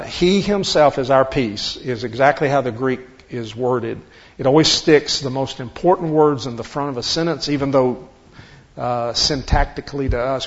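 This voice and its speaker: A man's voice: medium pitch, creaky. A man leading a conversational Bible study, explaining step by step and asking rhetorical questions. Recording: dull lo-fi recording.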